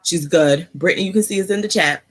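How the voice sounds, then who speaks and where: Chatty woman host talking kinda soft cuz of an ear infection, lowish voice, right up on the computer mic, laughs a lot. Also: fast, slightly rough. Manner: chatty, laughing asides, many fillers. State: speaking softly with an ear infection. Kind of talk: casual live-stream chat. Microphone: computer mic close up.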